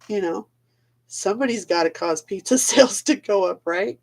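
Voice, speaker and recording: A woman's voice: mid-range voice, normal speed, creaky. A woman ranting on a live video in a blunt, casual way, swearing freely, laughing often and trailing off mid-thought.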